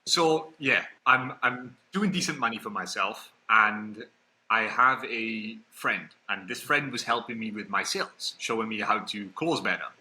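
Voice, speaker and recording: A man in his early twenties, a podcast guest telling a story in a casual, animated way and acting out what other people said. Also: on the low side, a little slow, poor audio. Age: early 20s.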